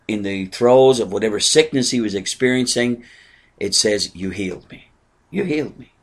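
Older male preacher, earnest sermon delivery, soft asides and ringing exclamations. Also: mid-range voice. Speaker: pastor.

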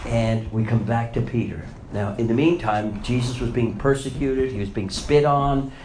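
Male preacher, mid-pitched, dramatic storyteller; roomy, echoey sound. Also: fairly even intonation, normal speed, a little mellow. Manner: dramatic storytelling with rising and falling intensity. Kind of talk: sermon. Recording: roomy echo, faint noise.

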